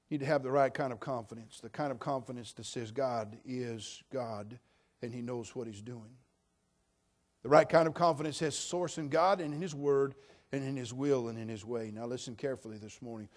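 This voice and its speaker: A man preaching a sermon as a pastor, animated, dropping to a hush and then rising to near shouting. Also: medium pitch, normal speed. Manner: animated, swings from hushed to shouting.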